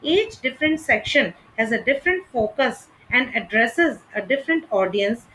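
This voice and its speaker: A woman reads a literature lesson from a script. She speaks unhurriedly and deliberately, in a slightly high voice, with a faint hum in the background. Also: sharp tone, rough recording. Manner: measured, deliberate reading. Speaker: literature teacher.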